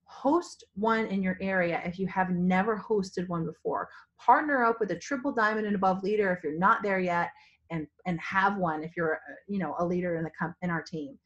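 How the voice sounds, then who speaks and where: A woman from Virginia with a hoarse, partly lost voice, giving a spontaneous, rambling pep talk to her sales team from a family home. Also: lowish voice, normal speed, fairly bright tone, lo-fi sound. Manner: enthusiastic, rambling, full of restarts. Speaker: direct-sales team leader. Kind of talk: spontaneous motivational vlog.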